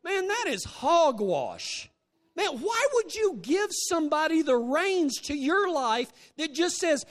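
A man preaching a sermon to a congregation, telling folksy stories in an animated way. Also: extremely high pitch, slow pace. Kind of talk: sermon with storytelling. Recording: long reverb of a large hall.

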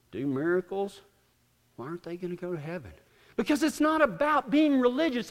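A man's voice: very high-pitched, long reverb tail. A man preaching a sermon, animatedly acting out both sides of an argument as he tells the story.

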